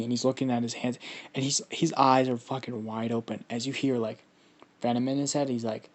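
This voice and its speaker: A man's voice: mid-range voice, flat delivery, normal speed, a little mellow. A man improvises a fan story in a loose, rambling way. He swears freely and leans on fillers as he goes.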